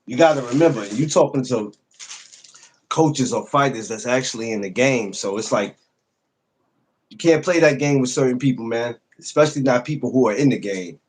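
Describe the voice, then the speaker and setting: A man's voice: mid-range voice, moderate pace, breathy edge. A man hosting a casual podcast livestream, greeting viewers by name and talking loosely, with profanity and frequent laughs. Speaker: podcast host greeting live chat.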